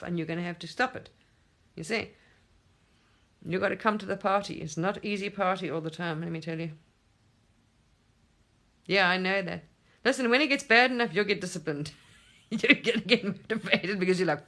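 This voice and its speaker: A spiritual teacher talking casually to camera at home, animated, swearing and laughing often. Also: medium pitch, normal speed.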